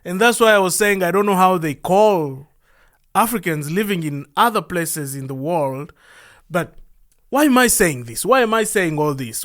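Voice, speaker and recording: A man from the Democratic Republic of the Congo speaks with a Congolese accent, hosting his podcast as a loose solo monologue. His voice sits high for a man, and he rambles earnestly, often stopping to ask himself questions. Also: fairly bright tone. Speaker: podcast host. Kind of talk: casual monologue.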